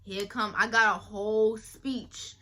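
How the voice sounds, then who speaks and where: A young woman vlogger telling a casual storytime, animated and slangy, acting out the people she quotes. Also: mid-range voice, slow.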